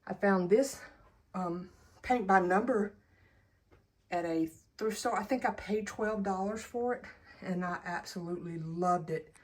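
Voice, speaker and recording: A woman's voice: mid-range voice, unhurried. Chatty Southern woman giving a home tour. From Southern United States. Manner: chatty, folksy, laughs easily. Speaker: home decor vlogger. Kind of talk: casual home tour narration. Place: at home in her living room. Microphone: camera held while filming, speaker off-screen.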